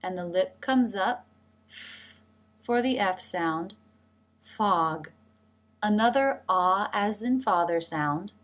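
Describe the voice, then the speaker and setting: Slow, careful woman teaching pronunciation. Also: mid-range voice. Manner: slow, careful, demonstrating sounds. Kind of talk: scripted instructional narration.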